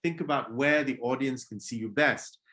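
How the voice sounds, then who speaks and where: A man leads a children's public speaking workshop online via video call, modeling greetings in different moods and mildly scolding those who disrupt. His voice is medium-pitched at a moderate pace.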